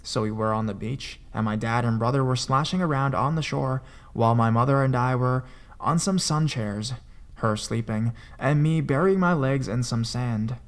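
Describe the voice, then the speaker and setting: A man narrates a first-person horror story in a steady, even reading manner. His voice sits at a middle pitch for a man. He keeps a plain storytelling tone throughout. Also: normal speed.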